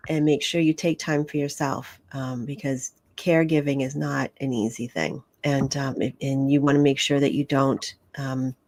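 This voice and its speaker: Gentle New woman reading cards. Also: low voice. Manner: gentle, rambling with fillers and restarts. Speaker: intuitive reader, co-host. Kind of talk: casual live-stream card reading.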